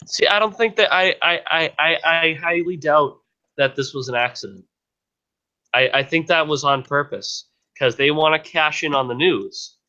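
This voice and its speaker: A man's voice: on the high side, expressive, moderate pace, bright, forceful tone, muffled recording. A man co-hosting a casual podcast, rambling with many restarts and fillers. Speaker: podcast co-host.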